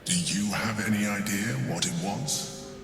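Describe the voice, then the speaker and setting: A man voicing a grave, cerebral mage in video game dialogue, speaking in a measured, formal manner. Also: lowish voice, steady tone, roomy sound, big-room sound, over music, natural voice.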